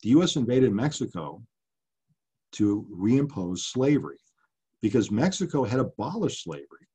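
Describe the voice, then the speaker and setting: Middle-aged male author at a lectern, low and husky, earnest and impassioned, filler-heavy delivery. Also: big pitch swings, moderate pace, mellow. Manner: earnest, impassioned, many ums and uhs. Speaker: author giving a public talk. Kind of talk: public lecture with slides.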